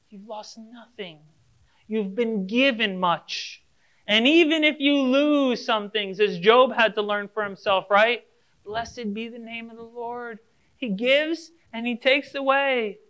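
A man with a bright, forward voice preaching a sermon in a relaxed, chatty way. He talks directly to the congregation as a pastor would. He often slips into little acted-out conversations to make his point. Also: very high-pitched, clear, resonant tone. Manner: casual, addresses listeners directly, acts out imagined dialogues.

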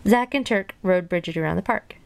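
A woman reading a children's storybook aloud in a plain, gentle way, dropping in casual asides. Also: on the low side, brisk, creaky, clear, resonant tone. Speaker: storybook reader.

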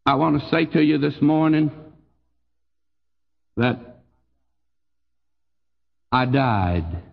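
An older man with a Texan accent preaching a sermon in a folksy, emphatic way, his voice swooping high on key phrases and dropping low. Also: animated, very slow, vocal fry, long reverb tail, highs cut off. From Texas. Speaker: pastor.

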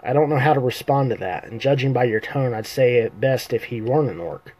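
A diplomatic male adventurer talks his way out of danger in a measured, persuasive voice, as a man reading a fantasy novel puts him on. The tone is mellow and warm. It stays close to the reader's own voice. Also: mid-range voice, lively intonation, husky, poor audio. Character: diplomatic young human adventurer, calm persuader.

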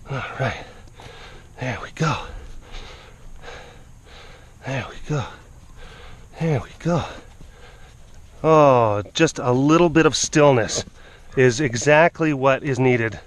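Man, mid-pitched voice, animal keeper, casual vlog chatter, playful coaxing, repeats himself, occasional hushed tone. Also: slow pace, long pauses. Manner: playful, coaxing, often repeats phrases to the cubs. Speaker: big cat keeper. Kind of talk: casual narration to camera while working with animals.

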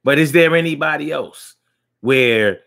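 A man's voice: fairly high pitch, unhurried, creaky, fairly bright tone. A man hosting a casual live-stream talk show, chatting loosely with slang and lots of restarts, reading viewer comments aloud.

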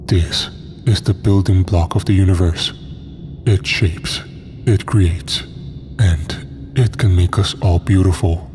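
A man voicing a calm, zealous cultist who speaks in a deep, slow monotone. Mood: calm menace. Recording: long hall reverb with faint noise.

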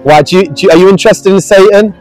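A man's voice: high voice, fast, darkish tone, soft background music, poor audio. A man preaching to passers-by outdoors, earnest and pleading, raising his voice at times. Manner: earnest, pleading, raises voice to the street. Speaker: street preacher. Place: outdoors on a busy street.

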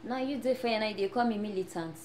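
An actress playing a brash young Nigerian woman just arrived in America, speaking with a Nigerian Pidgin accent and boasting loudly. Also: medium pitch, fast, lightly acted. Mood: boastful. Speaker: newly arrived immigrant. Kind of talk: film acting. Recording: echoey room, faint noise.

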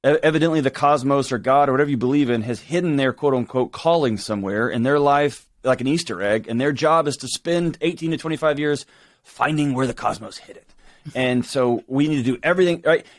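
A man's voice: medium pitch, brisk, no room sound. Emphatic man, dry close sound. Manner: emphatic, animated storytelling with quoted voices. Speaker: guest author. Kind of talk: conversational interview.

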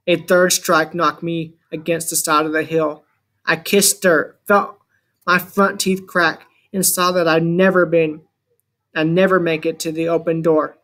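A man reading a first-person adventure story aloud as an audiobook narrator, with measured, dramatic storytelling. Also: on the high side, little pitch movement, fairly bright tone.

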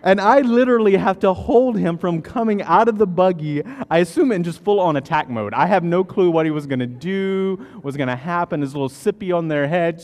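Speaking briskly with few pauses, this pastor in his thirties has a fairly high, expressive voice with a darkish tone. His sermon unfolds as conversational storytelling full of restarts, echoing with long reverb through the church sanctuary.

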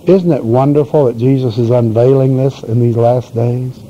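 A man's voice: mid-range voice, fairly even intonation, normal speed, dark tone. A male pastor preaching a sermon in a folksy, emphatic storytelling manner. The voice is heard on a dull, lo-fi recording with faint hiss.

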